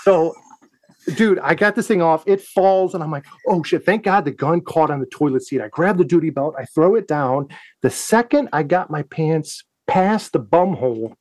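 Animated, profane man spinning a yarn. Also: fairly high pitch, normal speed, dry recording. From United States. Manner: profane, animated, acts out his own quotes. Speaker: guest, Navy veteran. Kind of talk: casual podcast storytelling.

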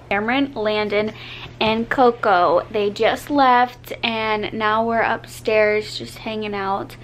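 A woman's voice: fairly high pitch, slow pace, slight background noise, rough recording. Chatty young woman vlogging at home. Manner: chatty, filler-heavy, drops to a hushed murmur at times. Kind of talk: casual family vlog chat. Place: home, indoors.

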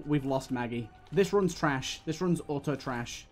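A man's voice: medium pitch, a little slow, soft background music. A young British man streaming a game, giving exasperated running commentary full of swearing. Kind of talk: live gameplay commentary.

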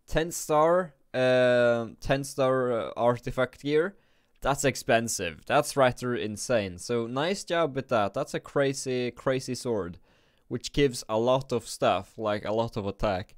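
A gaming video creator gives casual game commentary in a mid-range voice, drowsy and yawning from just waking up. He thinks aloud and keeps restarting his sentences. The studio-quality recording has no echo.

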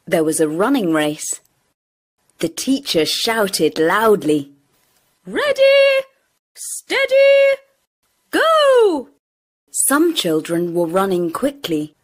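A woman narrating a children's story in a slow, clear and expressive way. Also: on the low side.

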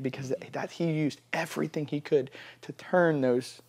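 A man with a fairly high voice asks questions in an interview. He then tells a story with real energy and often repeats words as he starts a sentence. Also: steady tone, normal speed, darkish tone, husky. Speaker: interviewer, camp ministry worker.

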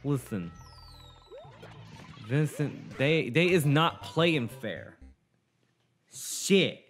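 A man's voice: fairly high pitch, big pitch swings, very slow, fairly bright tone, faint music behind. A young man commentating his own gameplay, swearing, boasting and getting frustrated as he talks to a friend. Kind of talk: swearing let's-play commentary.

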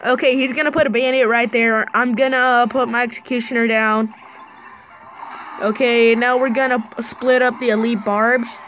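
A woman giving chatty, live play-by-play commentary on her own mobile game match, with excited bursts. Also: fairly high pitch, normal speed, slight background noise, poor audio. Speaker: gaming channel host.

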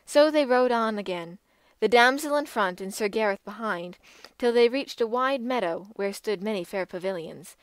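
Here an old legend is read aloud by a female audiobook narrator whose voice is smooth, clear and mid-pitched. She speaks in a measured, expressive way, and the scripted narration is dry and close-miked, without room sound.

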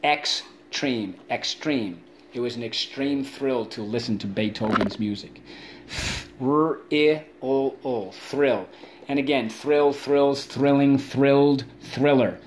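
Animated male teacher leading spelling drills. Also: measured pace, background noise. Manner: drills words with call-and-repeat chants; animated, swings up high for playful asides. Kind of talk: online spelling lesson for kids.

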